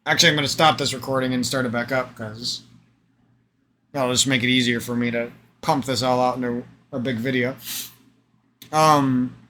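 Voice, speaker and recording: Hoarse guy ranting to his camera, swears constantly, kinda high bright voice, faint hiss underneath. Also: fairly even intonation, moderate pace, long pauses. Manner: profane, emphatic, repetitive, rambling. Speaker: vlogger. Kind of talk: unscripted ranting vlog monologue.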